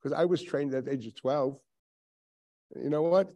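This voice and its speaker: A man's voice: fairly high pitch, normal speed, mellow, lo-fi sound. A man in his seventies, a rabbi giving a sermon, telling stories with frequent chuckles and rhetorical questions. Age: 70s. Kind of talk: Tisha B'Av sermon.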